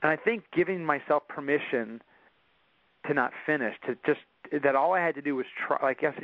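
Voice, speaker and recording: A man's voice: on the high side, brisk, no echo. A man as an interview guest, telling a personal story in earnest with frequent restarts. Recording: dull dry recording.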